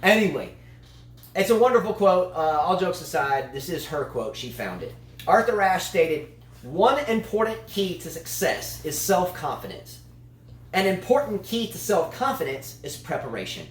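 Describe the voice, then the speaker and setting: A man's voice: sits high, very animated, moderate pace, echoey room, a little hiss or hum. A man co-hosting a casual tennis chat show, a long-winded, playful storyteller. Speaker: tennis channel co-host.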